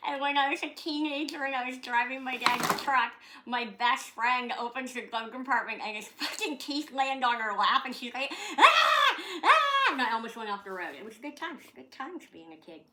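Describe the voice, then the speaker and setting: A woman's voice: on the high side, a little fast, few pauses, bright, forceful tone, a little hiss or hum. A middle-aged woman from Canada, chatting casually at home in a rambling way, swearing now and then. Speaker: vlogger. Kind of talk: casual chat.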